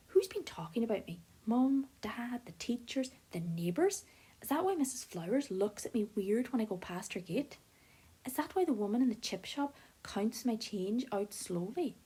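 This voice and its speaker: A woman narrating an audiobook in first person, with a lively, expressive telling. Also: a little high, moderate pace, breathy edge.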